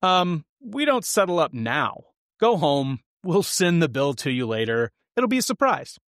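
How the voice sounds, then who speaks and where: A man's voice: fairly high pitch, very animated, measured pace, fairly bright tone, no echo, studio quality, heavily acted. A man voicing a smug, breezy restaurant waiter who talks in a mock-helpful way. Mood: condescending.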